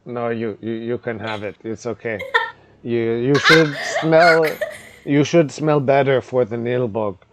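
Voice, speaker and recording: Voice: medium pitch, measured pace, heavy background noise, close to an everyday voice. A game master voicing a goblin who is disgusted by humans, groaning and pleading. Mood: soothing. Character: squeamish disgusted goblin, easily grossed out.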